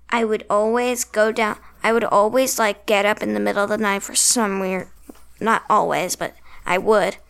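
A woman's voice: medium pitch, vocal fry, fairly bright tone, smooth. A young girl co-hosting a casual podcast with her dad, telling rambling stories. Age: child. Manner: rambling storyteller, giggly. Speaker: podcast co-host. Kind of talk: casual chat.

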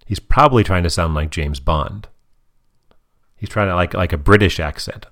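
A man co-hosting a casual podcast with his daughter, animated and quick to slip into silly character voices. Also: deep voice. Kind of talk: casual chat.

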